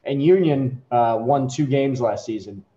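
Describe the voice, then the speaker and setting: Middle-aged male exec, casual rambling talker, mellow tone, roomy muffled recording. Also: mid-range voice, measured pace. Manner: rambling, self-interrupting storytelling. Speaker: company CEO giving a software demo. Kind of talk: casual chat. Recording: echoey, dull lo-fi room sound.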